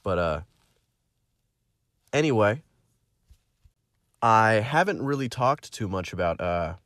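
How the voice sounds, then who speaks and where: A man's voice: fairly low pitch, expressive, takes it slowly, a bit bright, no room sound, studio quality. A young man who narrates audiobooks, talking casually to his listeners after finishing a book, rambling with lots of fillers and restarts. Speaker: audiobook narrator and channel host.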